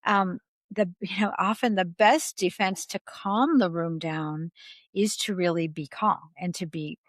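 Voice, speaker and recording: A woman leadership consultant speaking as a guest in a podcast interview, calm and reflective, sometimes acting out quoted reactions. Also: fairly low pitch, measured pace, no room sound.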